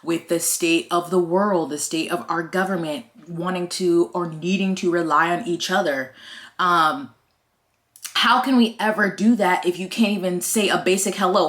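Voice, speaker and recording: A young woman ranting in a casual vlog, swearing often and sounding exasperated. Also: lowish voice. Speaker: vlogger.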